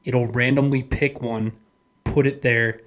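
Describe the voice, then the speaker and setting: A man's voice: medium pitch, steady tone, unhurried, muffled recording. A young man co-hosting a podcast, talking casually, swearing freely and laughing as he explains things. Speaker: podcast co-host. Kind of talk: casual chat.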